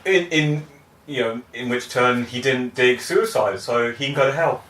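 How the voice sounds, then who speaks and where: Bright-voiced man telling animated stories. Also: mid-range voice, moderate pace, slight background noise. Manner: animated anecdotal storyteller, swears freely. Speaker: podcast co-host. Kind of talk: casual chat. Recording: roomy echo, mic at a distance.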